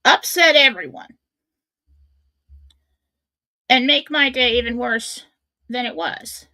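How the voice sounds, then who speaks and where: A woman's voice: on the high side, animated, measured pace, pushed and bright, dry recording. A middle-aged woman hosting a radio show, telling a personal story in a candid, self-mocking way. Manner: candid, self-mocking, acts out her own thoughts.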